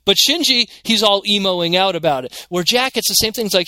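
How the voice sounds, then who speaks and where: A man's voice: sits high, big pitch swings, normal speed, few pauses, bright, forceful tone, no echo. A man in a casual podcast chat, talking animatedly and filling his speech with "like" and "you know".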